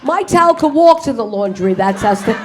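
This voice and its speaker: A woman's voice: fairly high pitch, expressive, a little fast, a faint crowd, a little hiss or hum. A middle-aged woman doing a stand-up set on a club stage. She swears freely and acts out the characters in her punchlines. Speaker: stand-up comedian. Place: comedy club stage before a live audience.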